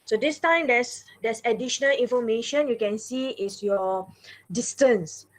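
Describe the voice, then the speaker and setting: Woman math teacher, patient and repetitive, slightly high voice, online class. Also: unhurried. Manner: patient, repeats "all right" and "okay" often.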